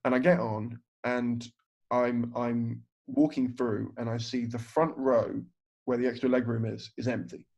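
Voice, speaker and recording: A man's voice: medium pitch, level tone, unhurried, creaky, darkish tone. A man, a stand-up comedian telling a story on a podcast, swearing freely and acting out other people's lines. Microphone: video call. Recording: dull, lo-fi video call audio.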